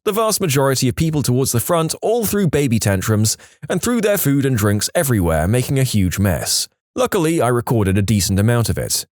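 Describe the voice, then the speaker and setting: A man reads out online stories with a wry, sarcastic edge, his pitch swinging lively up and down. His voice sits at a middling pitch, and the recording is dry and close, with no room sound. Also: no room sound. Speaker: story narrator. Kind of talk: scripted narration of online stories.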